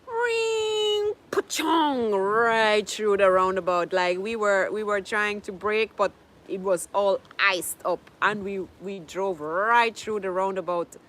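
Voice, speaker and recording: Chatty woman hosting a slow, relaxed livestream. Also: medium pitch. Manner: chatty, laughs often, switches into French with viewers. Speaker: livestream host. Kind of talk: casual livestream chat reading viewer comments. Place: home in Jamaica.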